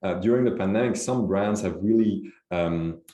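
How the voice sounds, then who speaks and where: A man, a company executive, answering interview questions in a measured way with frequent fillers and restarts. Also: sits low, dark tone, echoey room. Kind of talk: business interview.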